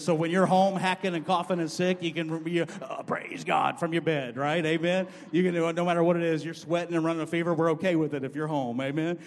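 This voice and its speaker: A male pastor preaching a sermon, telling stories with rising excitement and repeating "amen" and "I guarantee you" to his congregation. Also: fairly high pitch. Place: church sanctuary. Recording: long church hall reverb.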